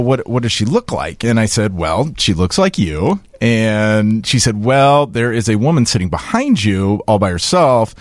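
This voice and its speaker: A man hosts a relaxed podcast and spins a dating story, acting out each line of dialogue. His pitch swings widely as he tells it. He is recorded dry and close on the mic. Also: dry recording. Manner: animated, acts out dialogue in a lively storytelling voice. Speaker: podcast host. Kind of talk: casual storytelling chat.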